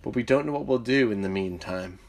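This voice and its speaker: A man's voice: medium pitch, brisk, vocal fry, noisy background. A man co-hosting a podcast in an easygoing, joking casual chat. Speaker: podcast co-host.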